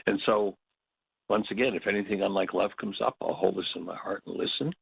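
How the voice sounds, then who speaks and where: A man's voice: sits low, fairly quick, vocal fry, dull audio, a little hiss or hum. A man teaching a workshop, telling stories and slipping into short acted quotes. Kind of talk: reflective spoken teaching.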